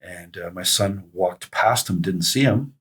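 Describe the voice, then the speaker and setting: A man in his fifties, a podcast guest telling stories in a halting, reflective way. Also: low voice, fairly bright tone, husky. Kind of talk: casual conversation.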